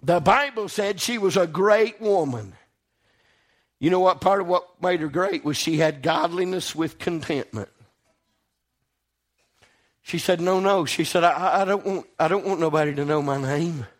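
Male preacher, high-pitched, fervent sermon delivery with loud peaks and soft drops. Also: moderate pace, long pauses. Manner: impassioned, swings from loud exclamation to quiet asides.

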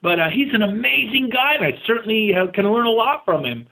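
A man with a notably high-pitched voice talks as an interview guest, full of drive and motivational punch. He rattles off his points in quick bursts and slips into voices for the people he quotes. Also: lively intonation, gravelly, sharp tone, low-quality recording. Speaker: real estate agent and guest. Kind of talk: casual interview talk.

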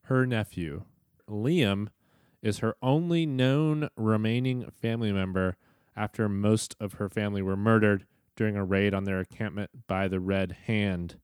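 A man hosting a casual podcast, upbeat and quick to laugh. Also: fairly low pitch, darkish tone, clean tone, no room sound, studio quality. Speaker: podcast host.

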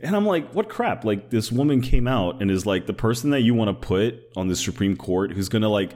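A man in casual political chat, sardonic and animated, filling his talk with "like" and slipping into impressions. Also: fairly low pitch, brisk. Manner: animated, sardonic, many "like" fillers, slips into impressions.

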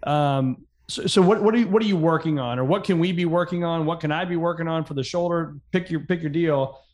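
A man's voice: on the high side, a little fast, a little mellow. A man hosting a podcast, asking curious questions in a casual way with many fillers. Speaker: podcast host. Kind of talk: casual interview chat.

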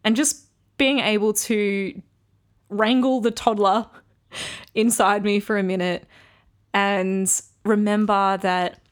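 A woman's voice: medium pitch, steady tone, takes it slowly, long pauses. A woman hosting a solo podcast, talking candidly and reflectively about her relationship, with frequent ums. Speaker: podcast host. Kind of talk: casual solo podcast talk.

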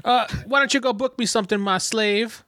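Vain aristocrat count, played by a man; bright, forceful, lordly. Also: very high voice, fairly quick, dry recording, studio quality, voice pushed up. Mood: imperious. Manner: imperious, condescending.

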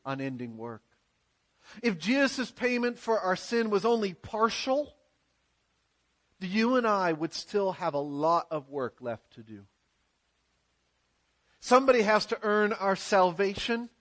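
A man's voice: high-pitched, very animated, measured pace, pauses often, fairly bright tone. A man pastor preaching a sermon in a church, earnest and emphatic, posing rhetorical questions to his congregation.

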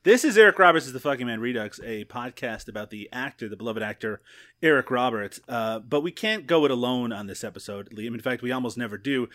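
A man's voice: mid-range voice, expressive, brisk, a bit bright. A man hosting a podcast in casual chat, joking and playful with his co-host and guest. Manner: jokey, playful, drops to a whisper for gags.

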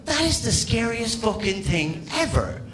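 A young Irish man doing a stand-up comedy set, telling stories in a profane, animated way with loud acted-out outbursts. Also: very high-pitched, unhurried, a little hiss or hum. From Ireland.

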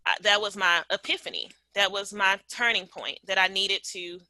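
A woman's voice: mid-range voice, steady tone, moderate pace, sharp tone, no room sound, low-quality recording. A woman in her late twenties, sharing a personal story as a guest in a candid, reflective way, with frequent fillers and restarts. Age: late 20s.

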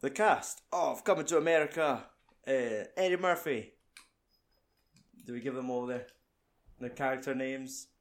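A young man hosts a relaxed film chat, swearing freely and joking with his mate. His voice sits at an ordinary middle pitch. He reads the cast list off in an easy, conversational way. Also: moderate pace, long pauses. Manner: sweary, banter-filled. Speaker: podcast host.

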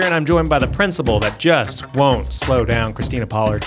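A man hosting an education podcast, reading a scripted intro and then chatting in a teasing, halting way with his co-host. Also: mid-range voice, expressive, over loud music.

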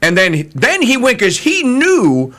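A man hosting an interview who tells stories in an animated, emphatic way. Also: very high-pitched, measured pace. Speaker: host. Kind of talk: conversational interview.

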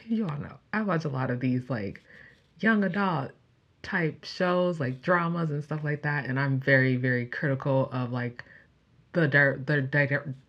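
A young woman chatting casually as she recaps a show, gushing and animated, with many fillers. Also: a bass voice, dull audio. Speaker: show reviewer.

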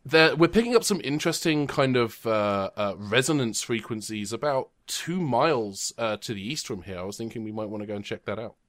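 Halting man running a tabletop game. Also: medium pitch, lively intonation, fairly bright tone, dry recording, clean studio sound. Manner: rambling, halting with many restarts. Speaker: game master. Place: home, recorded remotely. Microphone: remote call mic.

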